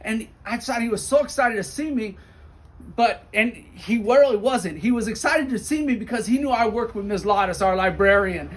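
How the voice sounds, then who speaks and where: A school principal tells stories to donors in an animated, personal way. His voice sits fairly high for a man, and he acts out what others said. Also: moderate pace. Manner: warm, animated storyteller who acts out quotes. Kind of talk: storytelling update video to donors.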